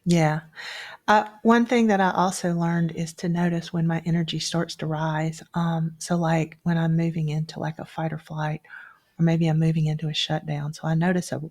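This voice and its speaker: A woman podcast co-host and meditation guide who speaks in a calm, reflective and soft-spoken way. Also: low-pitched, moderate pace. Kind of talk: reflective conversation.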